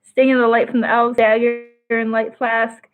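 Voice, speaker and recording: A young woman hosts trivia from home in a high, bright voice, chatty and quick to giggle. She reads each question slowly and clearly. The audio is thin and phone-like, like a live stream. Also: flat delivery, soft background music. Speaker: trivia co-host.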